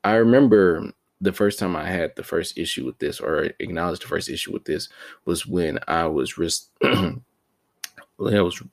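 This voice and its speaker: A man's voice: low voice, normal speed. A man talking in a slang-heavy, rambling and self-mocking casual monologue as a podcast host.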